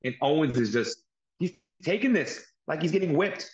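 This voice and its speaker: A man's voice: fairly high pitch, moderate pace, muffled recording. A man hosting a casual wrestling review show, retelling the action play by play with energy. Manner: animated play-by-play retelling with acted-out quotes. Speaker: podcast host reviewing wrestling. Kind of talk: casual recap chat.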